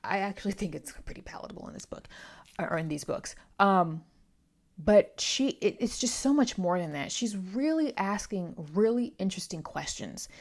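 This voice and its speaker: Young woman, lowish voice, chatty book-vlog host who talks with asides and self-corrections. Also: vocal fry, darkish tone. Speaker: book reviewer. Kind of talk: casual book review vlog.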